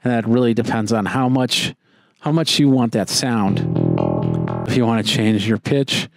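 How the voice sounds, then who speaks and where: A man giving a casual product demo, explaining each control step by step in a relaxed, chatty way. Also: medium pitch, moderate pace, loud music behind the voice. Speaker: tech reviewer.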